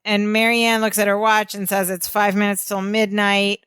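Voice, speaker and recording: A woman's voice: mid-range voice, completely flat delivery, normal speed, a bit bright, smooth, no echo. Woman podcast cohost telling the plot step by step, dry close mic. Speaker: podcast co-host. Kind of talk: casual chat recapping a sitcom.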